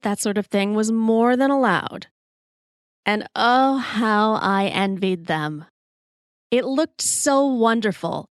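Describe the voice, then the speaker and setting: A woman in her forties hosting a solo storytelling podcast, wry, expressive and self-deprecating. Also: medium pitch, no room sound, studio quality. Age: 40s. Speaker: podcast host.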